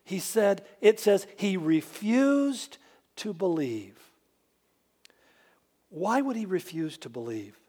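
Male pastor, high voice, animated sermon storyteller with dry wit. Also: takes it slowly, pauses often. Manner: animated storyteller who acts out quoted voices with dry humor.

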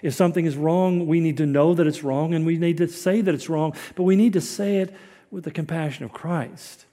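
Guy preaching casual, folksy and wry, mellow voice, big echoey hall. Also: a little high, fairly even intonation, a little fast. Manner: folksy, wry, chuckles at his own asides. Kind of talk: conversational sermon.

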